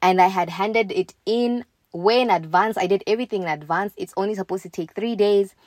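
A woman casually telling a personal story in an animated way, acting out the lines of the people in it. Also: mid-range voice, brisk, dry recording. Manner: animated, quoting others in her own voice.

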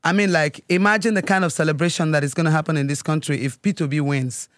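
A woman's voice: sits low, steady tone, fast, dry recording, studio quality. A Nigerian woman, a guest on a casual podcast, earnestly urging listeners.

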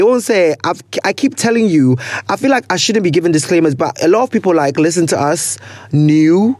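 A young Ghanaian man with a high voice hosts a podcast in a loose, playful chat. He laughs easily and drifts between English and local pidgin. The recording is dry and close, with no room sound. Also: lively intonation, normal speed, a little mellow, dry recording. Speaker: podcast host. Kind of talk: casual chat.

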